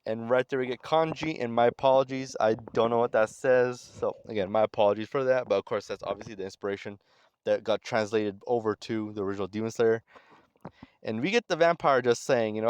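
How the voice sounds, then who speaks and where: A man casually recapping a comic story in relaxed, conversational commentary. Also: medium pitch, brisk, smooth, no echo. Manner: relaxed, conversational, reads characters' lines aloud in his own voice. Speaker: manga recap channel host.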